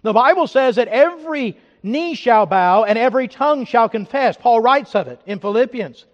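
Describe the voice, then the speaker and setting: A man preaching a sermon as pastor, emphatic, swinging from loud declarations to hushed reflection. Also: very high voice, lively intonation, moderate pace, in a large hall, lo-fi sound.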